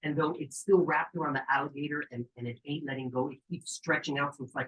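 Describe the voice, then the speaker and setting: A man reading his own story aloud, animated and profane, in street slang, jumping to high shouted voices for the quotes and dropping low and quiet for suspense. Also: fairly quick, few pauses, low-quality recording. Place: cabin during a live event.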